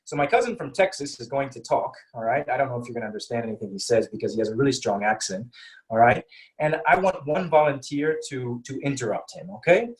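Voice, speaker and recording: A man's voice: medium pitch, quick pace, rough recording. A man teaching an English class over a video call, explaining patiently and checking in with "okay?" after nearly every point.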